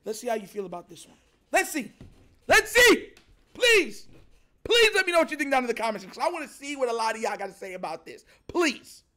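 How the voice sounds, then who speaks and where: A man's voice: extremely high pitch, big pitch swings, fast, pushed and bright. A young man hosting a sports reaction show, ranting in an exasperated, emphatic way with lots of repetition. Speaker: sports commentary host.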